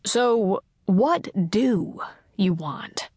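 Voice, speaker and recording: A woman voicing a calm, smirking male devil who talks slowly in a low, hushed voice. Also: breathy edge, no room sound, clean studio sound, heavily acted. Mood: sly.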